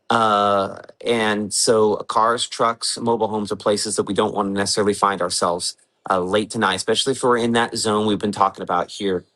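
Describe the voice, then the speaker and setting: A man's voice: on the low side, a bit bright, rough recording. A man hosting a live severe weather briefing at home in the early morning, talking casually and thinking aloud with fillers while he works the maps. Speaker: weather forecaster hosting a livestream.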